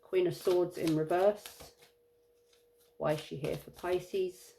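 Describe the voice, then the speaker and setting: A tired woman giving an intuitive tarot reading, musing and halting with many fillers. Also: on the low side, steady tone, creaky, dark tone, a little hiss or hum. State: tired, yawning. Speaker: tarot reader.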